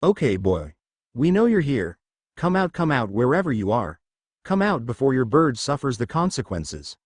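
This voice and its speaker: Man voicing a cruel bully uncle in an audio story. Growling threats, lively delivery. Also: medium pitch, moderate pace, no room sound, studio quality. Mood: taunting.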